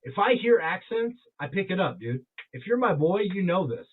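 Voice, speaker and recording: A man co-hosting a casual podcast, loud and profane, laughing often and slipping into mock accents. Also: high-pitched, big pitch swings, normal speed, husky. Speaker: podcast co-host. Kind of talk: casual drunk podcast banter. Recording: tinny phone-like sound.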